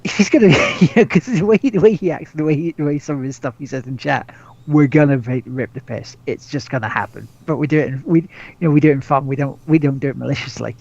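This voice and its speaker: A man's voice: fairly high pitch, quick pace, vocal fry, darkish tone, lo-fi sound. A man hosting a podcast in casual chat, rambling with lots of restarts, swearing and laughs. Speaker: podcast host.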